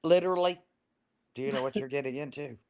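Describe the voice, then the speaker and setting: A woman's voice: very deep voice, fast, darkish tone, a little hiss or hum. A woman on a group livestream, sassy and wisecracking. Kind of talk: casual group livestream chat.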